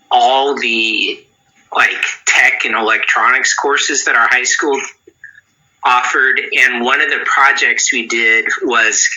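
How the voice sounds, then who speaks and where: A man's voice: medium pitch, bright, forceful tone, low-quality recording. A man around forty, a guitar pedal builder, giving rambling interview answers with many restarts.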